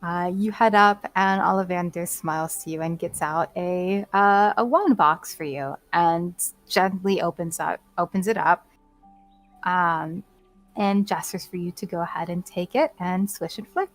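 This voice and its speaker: A woman narrating a tabletop role-playing game as game master, unhurried and hesitant, with many fillers and small laughs. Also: fairly low pitch, faint music behind.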